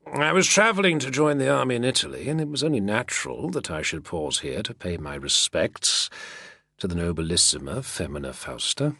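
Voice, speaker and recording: A man's voice: on the low side, very animated, brisk, creaky, bright, forceful tone, dry recording, studio quality, full character voice. A man voicing a sly, sardonic male schemer for an audiobook, with an artful, purring drawl. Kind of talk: audiobook character reading.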